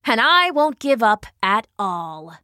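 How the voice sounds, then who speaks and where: A woman's voice: a little high, very animated, slow pace, bright, forceful tone, dry recording, clean studio sound, exaggerated voice. A woman voicing a fierce, scowling Greek hero who growls menacingly.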